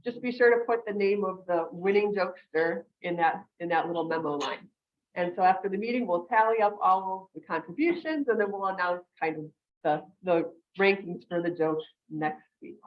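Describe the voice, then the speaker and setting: A woman's voice: on the low side, normal speed, muffled recording. A woman club president hosting a meeting on a video call, upbeat and explanatory with fillers. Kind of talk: meeting announcements.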